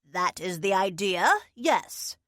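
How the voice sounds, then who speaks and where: A woman's voice: medium pitch, animated, slow pace, fairly bright tone, no echo, voice pushed down. A woman voicing an aloof male wizard who speaks in a dry, formal, bored way.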